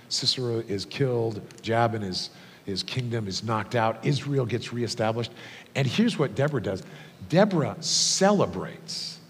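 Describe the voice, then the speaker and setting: Low-voiced preacher man in a reverberant hall. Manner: storytelling, conversational with many fillers. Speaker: pastor. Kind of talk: sermon. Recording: long hall reverb, faint rumble.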